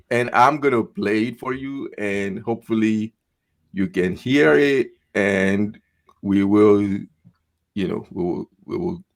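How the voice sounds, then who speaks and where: Man, podcast co-host, casual chat, animated rising and falling pitch, laughs a lot. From Nigeria.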